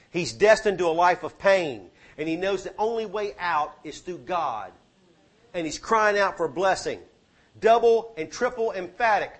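A middle-aged man preaching a sermon with emphatic delivery that swings between booming and hushed. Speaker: pastor.

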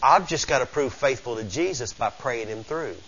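A man's voice: mid-range voice, animated, moderate pace, a bit bright, muffled recording, slight background noise. A man with a Southern accent preaching a sermon as pastor, folksy and emphatic, calling out to his congregation.

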